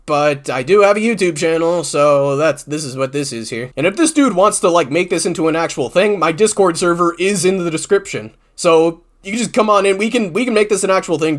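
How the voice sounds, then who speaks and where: A man's voice: fairly high pitch, a bit bright. A man, a YouTuber, ranting about online comments in an exasperated, sarcastic way, swearing often and restarting his sentences.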